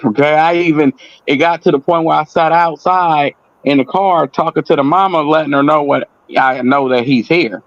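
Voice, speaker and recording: A man telling a personal story in casual talk, animated, acting out the voices of the people in it. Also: on the high side, moderate pace, no room sound, muffled recording.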